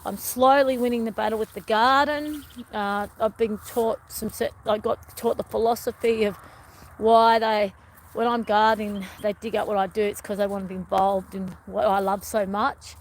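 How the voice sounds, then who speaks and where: A woman's voice: medium pitch, level tone, normal speed. A middle-aged woman vlogger chatting to her viewers in a meandering, rambling way and often calling them everyone. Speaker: wellness vlogger. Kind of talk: rambling live-stream chat.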